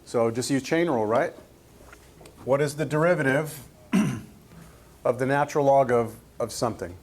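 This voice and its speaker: A man's voice: medium pitch, moderate pace. A man teaching a math class, explaining each step and checking in with the students. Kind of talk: classroom lecture.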